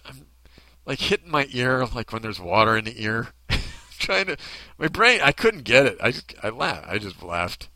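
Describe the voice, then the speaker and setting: A man's voice: high voice, very animated, moderate pace, pushed and bright, dry recording, low-quality recording. A man telling a comedic personal story in a rambling way, with laughing asides and frequent restarts.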